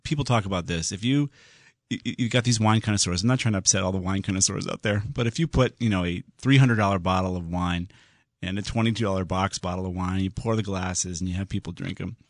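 A man hosting a call-in radio show about computers, chatty and quick to laugh. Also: no room sound, studio quality. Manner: chatty, laughs often, lively pitch swings.

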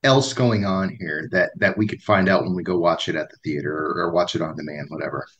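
A man co-hosting a podcast, talking in a rambling, animated way with lots of restarts. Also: low-pitched, brisk, muffled recording. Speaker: podcast co-host. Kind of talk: casual chat.

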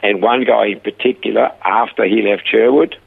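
An older man with a low, gravelly and husky voice tells his stories over a tinny phone line. He brings the people in his stories to life with animated, voiced quotes. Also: moderate pace. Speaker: guest, rehab centre founder. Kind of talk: storytelling interview.

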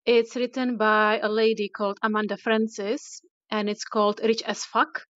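A woman guest in a live audio room, sharing her story in an earnest, measured way. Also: fairly high pitch, little pitch movement, fairly bright tone, no room sound, highs cut off. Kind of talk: casual personal sharing.

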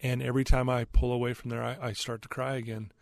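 Man guest, earnest storyteller, candid, mid-pitched, dry mic. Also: little pitch movement, fast, creaky, no room sound. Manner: earnest, candid, with frequent fillers. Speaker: podcast guest. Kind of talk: personal storytelling.

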